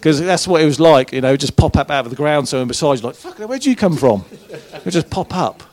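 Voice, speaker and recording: His voice is a little high and a bit mellow, and he talks quickly. In an event room before a live audience, the former footballer casually tells colloquial anecdotes as a guest, cursing along the way.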